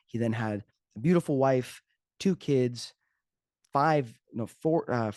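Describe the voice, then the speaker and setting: A man's voice: medium pitch, takes it slowly, darkish tone, dry recording, studio quality. A man hosting his own podcast as a fitness coach, talking casually and joking off the cuff. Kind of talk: casual solo podcast talk.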